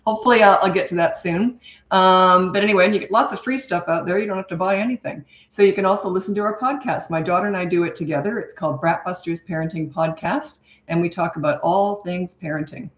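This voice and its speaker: A woman's voice: lowish voice, quick pace. An older woman, a parenting coach, chatting casually as she hosts a live stream, greeting viewers and laughing often. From Canada and Australia. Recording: roomy echo.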